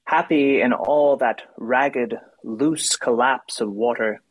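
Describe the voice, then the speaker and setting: This is a man whose voice has a nasal, somewhat tinny ring and a gravelly texture. He discusses poetry thoughtfully, feeling his way through ideas, and reads verse aloud with attention to each line. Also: medium pitch, a bit bright. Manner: thoughtful, hesitant with fillers. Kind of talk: casual discussion and poetry reading.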